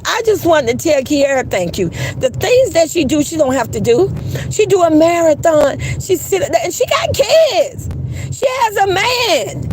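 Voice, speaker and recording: A woman's voice: high-pitched, slight background noise. A woman hosting a casual livestream, blunt and profane, greeting her chat. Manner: blunt, profane, laughing, reads chat aloud. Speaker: livestream host.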